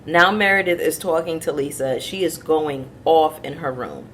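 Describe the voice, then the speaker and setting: A woman's voice: low voice, animated, normal speed, fairly bright tone, a little hiss or hum. A woman chatting casually to her viewers as she recaps a reality TV episode, opinionated and talking straight to her audience.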